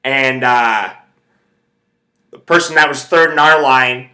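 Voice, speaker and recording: A man's voice: mid-range voice, slow, bright, forceful tone. Swearing, rambling man. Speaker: podcast host. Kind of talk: casual storytelling rant.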